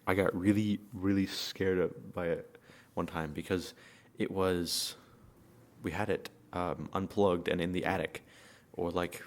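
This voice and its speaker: A teenage boy on a youth radio team telling a story in a relaxed, halting way with many fillers. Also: low voice. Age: teens. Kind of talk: casual storytelling.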